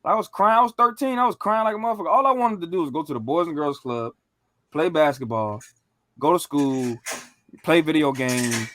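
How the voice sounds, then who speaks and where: A man on a podcast telling stories in a casual, animated way, full of slang and profanity. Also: on the high side, brisk, no room sound. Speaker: podcast co-host.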